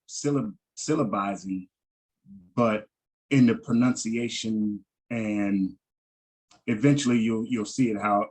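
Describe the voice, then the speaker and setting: A man teaching a Hebrew vowel lesson over a video call, halting and repeating words and often checking in with "right?". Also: lowish voice, a little mellow, poor audio.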